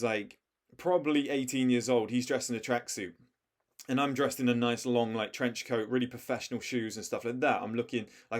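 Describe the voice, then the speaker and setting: A young man giving blunt, emphatic life advice in a casual monologue, with slang and swearing mixed in. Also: mid-range voice. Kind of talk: casual direct-to-camera advice talk.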